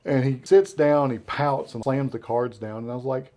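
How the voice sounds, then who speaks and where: A man with a Southern American accent tells stories as a guest in a casual interview. His voice is mellow and dark-toned, and he acts out the lines of the people in his stories. The pitch sits mid-range for a man. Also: normal speed. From Southern United States. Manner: animated storyteller who acts out quotes. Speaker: interview guest, beard care brand founder.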